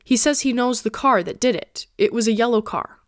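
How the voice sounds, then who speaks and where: A woman voicing a gruff, commanding wealthy man in an audiobook reading, brisk and authoritative. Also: fairly high pitch, no echo, studio quality, lightly acted.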